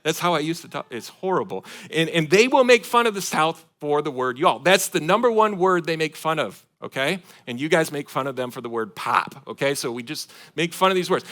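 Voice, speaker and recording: Animated preaching man from Michigan. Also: high-pitched, brisk. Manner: animated preaching, swings between loud emphasis and quiet asides. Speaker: pastor. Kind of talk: sermon. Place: church sanctuary.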